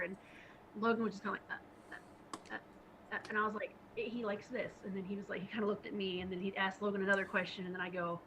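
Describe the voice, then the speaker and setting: A woman's voice: medium pitch, slight background noise, low-quality recording. A woman co-hosting a podcast, telling stories in casual chat and laughing often. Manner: laughs often, animated retelling with put-on quotes. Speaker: podcast co-host.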